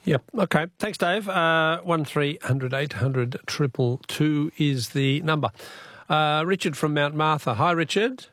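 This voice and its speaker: A man's voice: fairly high pitch, a little slow, a bit bright, dry recording, studio quality. A man hosting a call-in radio show, casual and conversational as he brings in callers. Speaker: radio host.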